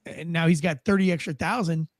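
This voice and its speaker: A man with a high voice hosts a podcast and rambles through the news in loose, profane chat. His tone is animated and his swearing comes easily. The sound is dry and close, with no room in it. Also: fairly quick, no echo. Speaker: podcast host. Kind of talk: casual political commentary.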